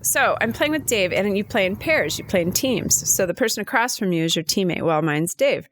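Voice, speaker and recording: A woman's voice: mid-range voice, animated, a little fast, a bit bright, slight background noise. A woman co-hosting a podcast, telling a personal story in casual, chatty conversation. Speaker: podcast co-host. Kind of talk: casual chat.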